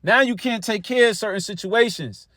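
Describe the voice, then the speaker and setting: A man's voice: high-pitched, normal speed, pushed and bright, dry recording, clean studio sound. A man preaching in a loose, conversational way, full of cursing and repeated words. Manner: profane, repetitive, conversational. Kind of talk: street-style Bible teaching.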